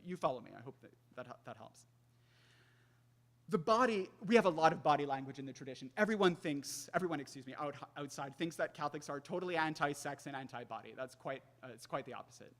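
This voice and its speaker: A man in his thirties giving a public lecture, animated and acting out quoted dialogue. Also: a little high. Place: lecture hall. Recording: echoey hall with long reverb.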